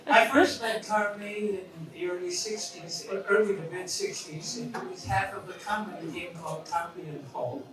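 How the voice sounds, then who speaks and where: A man's voice: sits high, normal speed, hardly any pauses, music in the background. A man in his eighties giving a reminiscing speech at a memorial, rambling with asides. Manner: warm-hearted rambling with asides. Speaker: speaker at a memorial. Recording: echoey hall, far from mic, crowd.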